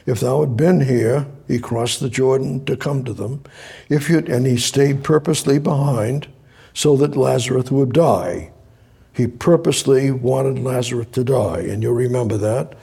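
A man's voice: mid-range voice, vocal fry, dark tone, husky. A man preaching a sermon, reading scripture aloud and breaking off to explain it, repeating phrases and rising to emphatic exhortation.

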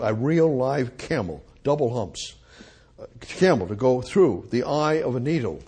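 A man's voice: medium pitch, very animated, moderate pace, a little mellow, breathy edge. A man preaching a sermon, reading old scripture and retelling stories with emphatic repetition. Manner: emphatic, repeats phrases, reads old scripture aloud.

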